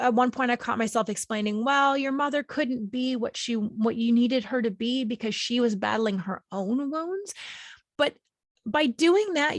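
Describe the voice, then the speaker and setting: A woman podcast host with a fairly high voice speaks softly and openly about her healing, close to tears. Her phrases are gentle and soothing, and some stretch out slowly. The sound is dry and close, with no room around it. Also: no echo. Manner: gentle, emotional, soothing, with slow drawn-out phrases. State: emotional, near tears. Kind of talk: reflective personal talk on healing.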